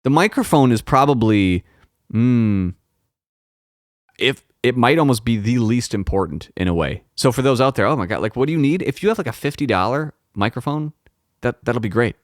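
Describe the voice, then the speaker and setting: Speaking into a close dynamic studio microphone at home, a podcast host talks casually and profanely about his recording setup in an animated, mid-range voice at normal speed. He rambles and interrupts himself, and there's no echo.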